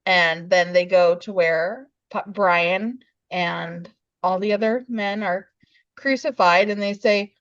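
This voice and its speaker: A woman co-hosting a podcast, chatting casually about a film and lively in how she retells its scenes. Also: medium pitch, no echo, muffled recording. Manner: animated, acts out scenes in quick voices. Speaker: podcast co-host. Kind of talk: casual film review chat.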